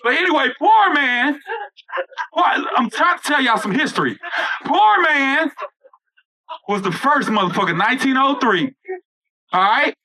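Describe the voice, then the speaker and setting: A male comedian works a rooftop crowd with loud, profane stories and a preacher's cadence. His voice sits very high for a man and sounds bright and lively, leaping up and down in pitch. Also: unhurried, long pauses, slight background noise, poor audio. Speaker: stand-up comedian. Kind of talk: stand-up comedy set. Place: outdoor rooftop event.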